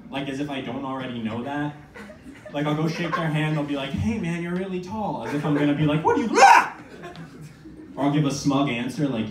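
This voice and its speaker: A young man in his twenties performing a stand-up comedy set, telling self-mocking stories with quick asides. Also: mid-range voice. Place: small comedy venue with audience. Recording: echoey room from a far mic, noisy.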